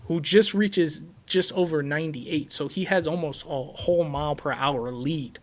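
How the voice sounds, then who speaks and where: A Puerto Rican man hosts a casual sports podcast, his voice sitting on the higher side for a man. He talks excitedly, stumbles and repeats words, and leans on fillers as he goes. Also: moderate pace. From Puerto Rico. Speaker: podcast host.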